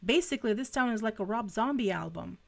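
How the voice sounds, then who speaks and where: A woman voicing a defiant, blunt teenage girl vampire slayer, speaking loudly and emphatically. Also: on the high side, expressive, fast talker, vocal fry, voice pushed up. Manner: loud and emphatic.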